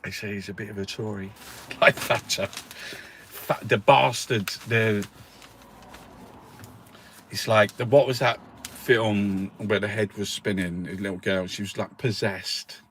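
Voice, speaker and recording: A man's voice: on the low side, steady tone, takes it slowly, pauses often, slight background noise. A man hosting a casual newspaper review, rambling and swearing freely, with frequent laughs. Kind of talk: casual chat.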